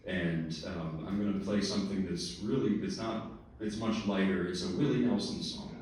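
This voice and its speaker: Low-voiced male pianist, relaxed anecdotal talk from the stage, recorded from afar in a reverberant hall. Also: moderate pace, far from the mic. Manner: relaxed storytelling with laughs and asides. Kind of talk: lecture-recital remarks. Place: recital hall.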